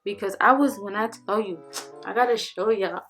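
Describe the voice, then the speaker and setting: A young woman vlogger telling a casual storytime with animated, slangy delivery, acting out what people said. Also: mid-range voice, normal speed, faint music behind. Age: young adult.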